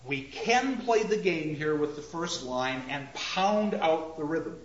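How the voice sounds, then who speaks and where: Slow, deliberate man lecturing a class. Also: fairly high pitch, lively intonation. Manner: asks the class questions, recites verse and taps out rhythms. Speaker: literature teacher. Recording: roomy, dull lecture recording.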